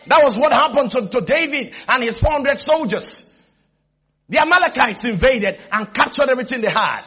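A male pastor preaching a sermon, calling on his congregation for responses and raising his voice to shouts. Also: very high-pitched, expressive, normal speed, slightly rough.

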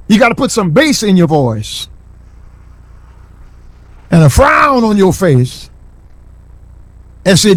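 A middle-aged man preaching a sermon in a church, repeating lines and building to shouts. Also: high voice, wildly swooping pitch, slow, long pauses, no echo. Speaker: pastor. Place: church sanctuary.

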